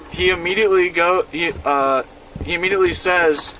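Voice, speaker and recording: A man's voice: high-pitched, measured pace, noisy background. A man in his twenties from Iowa, telling a rambling, profane story in casual chat while streaming a game. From Iowa, USA. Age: 20s. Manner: laid-back, profane, rambling with lots of fillers. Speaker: gaming streamer. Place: inside a van.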